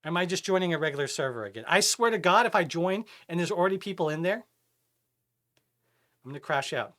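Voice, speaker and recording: Animated man chatting on a live stream. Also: high voice, fairly quick. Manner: animated, chatty, reads chat aloud. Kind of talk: casual live-stream chat while gaming.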